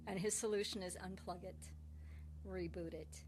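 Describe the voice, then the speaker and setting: A woman's voice: on the low side, fairly even intonation, a little slow, pauses often, noisy background. A middle-aged woman hosting a live online show, telling a casual story and acting out both sides of the dialogue. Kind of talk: casual live-stream talk.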